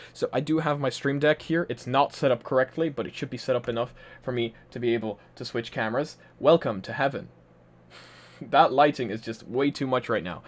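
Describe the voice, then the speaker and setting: A man's voice: medium pitch, fairly bright tone. A man from Poland with a mixed, partly Irish accent, casually chatting and rambling on a live stream with frequent laughs from a home room. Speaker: livestream host. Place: home room with a ring light.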